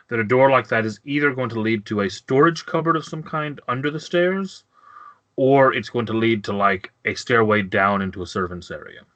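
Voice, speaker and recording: A man narrating a tabletop game as game master, often halting and restarting. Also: medium pitch, a bit bright, no room sound, poor audio.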